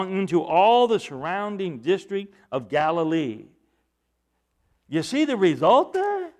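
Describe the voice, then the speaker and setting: A man preaching a sermon, reading out scripture and breaking into loud, emphatic bursts as he explains it. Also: sits high. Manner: animated Bible exposition, rising to loud emphatic bursts.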